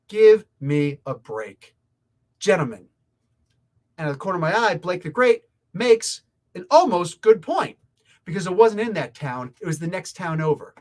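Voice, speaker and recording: A man hosting a comic book review channel, giving a heated, rambling opinion rant straight to his viewers. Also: high-pitched.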